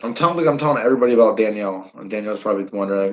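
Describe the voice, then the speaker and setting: A man's voice: fairly low pitch, very fast, lo-fi sound. A man hosting a live stream, chatting casually with viewers, reading their comments aloud and repeating himself as he rambles.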